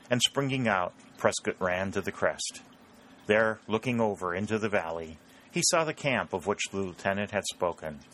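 A man narrating an audiobook in a measured, steady way. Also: low-pitched, a little hiss or hum.

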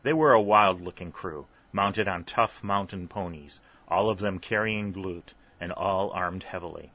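Bright-voiced male audiobook narrator. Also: low-pitched, a little slow. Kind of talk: scripted narration. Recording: slightly dull, dry recording.

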